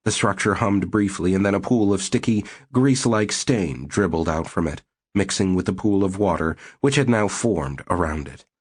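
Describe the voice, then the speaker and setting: A man reading a novel aloud as audiobook narrator in a steady, measured way. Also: low voice, breathy edge. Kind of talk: scripted narration.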